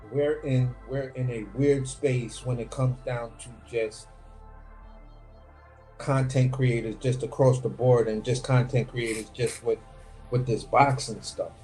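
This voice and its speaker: A man co-hosting a casual boxing talk live stream, animated and profane, often slipping into voices of other people. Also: mid-range voice, measured pace, soft background music. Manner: animated, profane, slips into impressions. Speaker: boxing commentary co-host.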